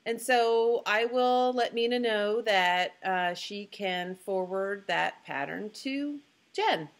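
A woman's voice: medium pitch, takes it slowly. Chatty woman announcing giveaway winners. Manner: chatty, upbeat, with fillers. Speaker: podcast co-host.

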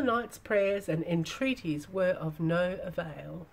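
A woman softly reading an old storybook aloud in a whispered role-play, with gentle whispered asides. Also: lowish voice, takes it slowly, creaky, few pauses. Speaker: storybook reader.

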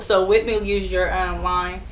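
A woman's voice: fairly low pitch, steady tone, measured pace. A woman co-hosting a casual eating show, chatting and laughing as she plugs the show. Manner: laughing, chatty promo talk. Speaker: co-host. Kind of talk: casual chat while eating. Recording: echoey room with faint noise.

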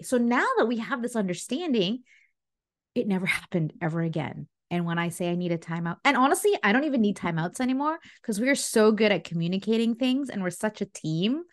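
Animated woman coach telling stories. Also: medium pitch, fairly quick. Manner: animated storyteller, laughs often. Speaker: relationship coach, podcast guest. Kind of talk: casual interview talk.

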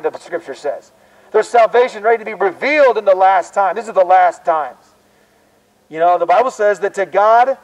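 A man with a very high voice preaches in the open air on a college campus. He exhorts his listeners urgently and with fervor, pressing them to repent. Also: rough recording. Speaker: street preacher.

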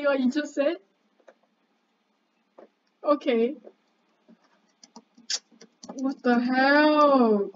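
A young woman, chatting excitably and bossily with a friend while commenting on a game, swearing casually. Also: sits high, very slow, pauses often. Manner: excitable, chatty, bossy banter. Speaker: gamer. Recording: dull lo-fi mic, faint background noise.

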